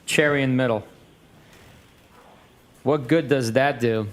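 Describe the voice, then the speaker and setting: A man with a mid-range voice reads a text message exchange aloud. His delivery is flat and matter-of-fact, with both sides of the exchange read in the same voice. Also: medium pitch, slow pace.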